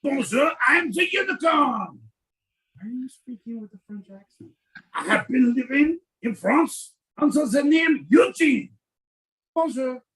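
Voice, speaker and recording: A man's voice: very high voice, measured pace, breathy edge, poor audio. A man co-hosting a comedy podcast, riffing and joking in casual chat. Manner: jokey, animated, riffing. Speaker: co-host.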